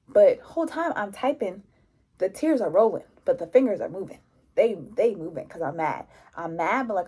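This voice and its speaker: A young woman vlogger telling a casual storytime in a lively, slangy way, acting out what people said. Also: medium pitch, husky. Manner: animated, slangy, mimics people in quotes.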